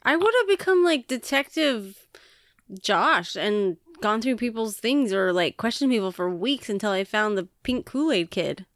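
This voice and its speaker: A middle-aged woman with a fairly high voice chats casually, teasing and quick to laugh. She is recorded dry and close, with nothing of the room around her. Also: lively intonation, fairly bright tone, no echo. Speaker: podcast co-host. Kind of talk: casual chat.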